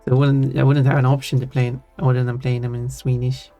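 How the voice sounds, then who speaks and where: A man's voice: mid-range voice, monotone, fast, warm tone, dry recording, soft background music. A man streaming and chatting casually with his viewers, teasing them playfully. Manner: playful, teasing, laughs between words.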